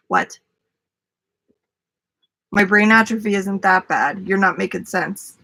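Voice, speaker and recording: A woman livestreams casually, chatting with viewers, addressing them by name and laughing readily. Her mid-range voice is gravelly and sharp in tone, and she takes it slowly with long pauses.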